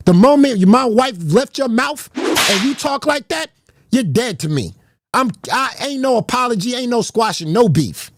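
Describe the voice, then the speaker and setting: A man's voice: high-pitched, no room sound, studio quality. A man streaming a heated, profane rant, confrontational and repeating himself as he calls out rivals. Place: garage.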